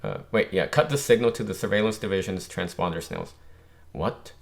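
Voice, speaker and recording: A man's voice: sits low, animated, normal speed, gravelly. A man hosting a manga reaction video, reading the dialogue aloud in a plain voice and breaking off for casual commentary and self-corrections. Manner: reads character dialogue in a plain voice, stops to comment and correct himself. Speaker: manga reaction channel host.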